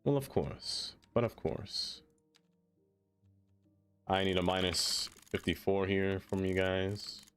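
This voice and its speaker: A man's voice: low voice, level tone, measured pace, hardly any pauses, a bit bright, faint music behind. A man streaming a city-building game, chatting casually with viewers in a playful, teasing way. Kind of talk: casual live-stream chat.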